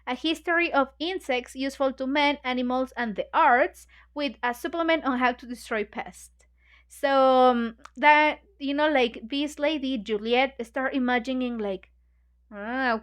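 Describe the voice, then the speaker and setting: A woman with a high voice leads an English book club, talking the class through a novel. Her first language is Spanish. She is chatty and full of fillers, and she acts out what the characters say. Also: a bit bright, clear, resonant tone. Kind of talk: explaining a novel to English learners.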